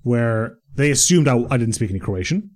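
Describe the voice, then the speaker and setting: A man co-hosting a podcast, quick-witted in casual chat, joking and laughing often. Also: medium pitch, sing-song, a little mellow. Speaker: podcast co-host.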